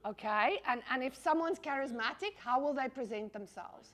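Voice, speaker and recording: A middle-aged woman lecturing a class in a high, bright voice. She is animated and talks to the room directly, firing questions at the audience and dropping casual swear words. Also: normal speed.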